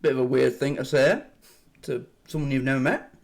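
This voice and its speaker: A man hosting a reaction video, rambling excitedly and swearing as he comments. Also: mid-range voice, a little fast, slight background noise.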